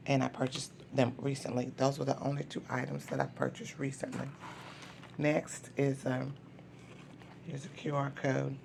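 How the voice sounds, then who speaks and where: A woman who has lost her voice, sounding hoarse and gruff as she casually shows her craft supplies, pausing often with "um". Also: very deep voice, a little hiss or hum. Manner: unhurried, many "um" fillers. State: hoarse, voice not yet recovered. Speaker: craft seller and vlogger. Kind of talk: casual show-and-tell.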